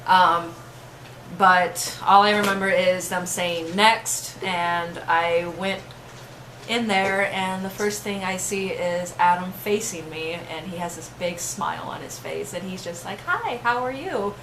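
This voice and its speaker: A woman's voice: lowish voice, little pitch movement, measured pace, fairly bright tone, roomy sound, slight background noise, poor audio. A woman in casual chat, telling her story in a wry, matter-of-fact way. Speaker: concert-goer.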